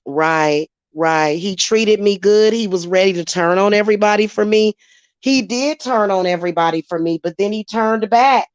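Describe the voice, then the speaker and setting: A woman's voice: mid-range voice, moderate pace, clear, resonant tone, no room sound. Blunt laughing woman, dry dull sound. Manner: blunt, laughs often, talks back to chat. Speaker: livestream host. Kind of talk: casual livestream chat.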